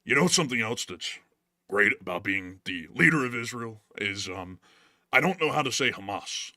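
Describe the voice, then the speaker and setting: A man's voice: fairly low pitch, expressive, normal speed, sharp tone, no echo, studio quality, voice pushed down. A man voicing a bumbling, confused older Israeli leader who rambles in a muddled way.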